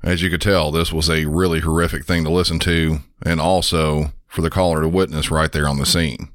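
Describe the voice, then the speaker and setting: Man, very deep voice, monotone, dry close recording, podcast host narrating emergency calls. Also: no echo. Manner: measured, matter-of-fact storytelling. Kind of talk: narrating and commenting on 911 calls.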